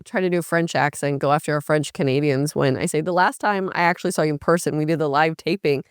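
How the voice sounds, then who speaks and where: A woman's voice: deep voice, quick pace, clear, resonant tone, no echo, studio quality. A woman co-hosting a casual sports podcast, chatty and self-mocking. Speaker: podcast co-host.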